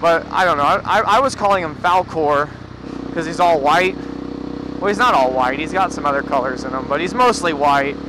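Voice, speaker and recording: A man's voice: fairly high pitch, normal speed. A man rambling and cursing through stories while riding a motorcycle, talking into a helmet headset. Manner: profane, rambling storyteller. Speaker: motorcycle vlogger. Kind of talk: rambling anecdotal chat. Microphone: helmet bluetooth headset. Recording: loud wind and traffic noise. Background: road and engine noise.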